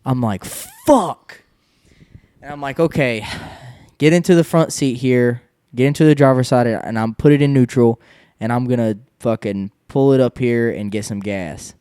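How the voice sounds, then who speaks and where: A man's voice: medium pitch, normal speed, clear, resonant tone, no room sound. A young man telling a casual story on a podcast, laughing often and swearing freely as he acts out what everyone said. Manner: laughing, profane, animated retelling.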